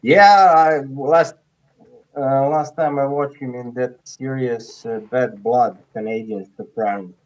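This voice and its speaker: Halting man hosting a chat. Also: medium pitch, fairly even intonation, low-quality recording. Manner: halting, with fillers and restarts. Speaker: podcast host. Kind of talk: casual chat.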